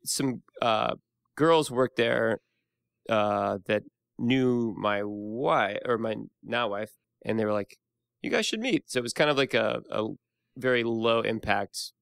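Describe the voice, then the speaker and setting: A man in his thirties rambles through easygoing conversation, circling back and restarting his thoughts. His voice sits mid-range with a gravelly, creaky edge. The recording is dry and close. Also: mid-range voice, steady tone, slow, dry recording. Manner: rambling, many restarts and fillers. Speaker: podcast guest host. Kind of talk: casual chat.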